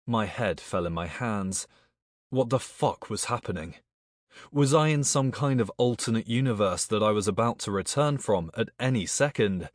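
A man's voice: lowish voice, lively intonation, moderate pace, no echo, studio quality. A man narrating a first-person audiobook, with a tense inner monologue full of swearing.

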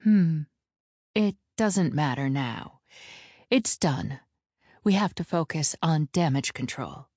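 A woman's voice: deep voice, animated, slow pace, long pauses, darkish tone, no echo, clean studio sound, exaggerated voice. Woman voicing a stern, curt elder witch. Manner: clipped, curt and authoritative.

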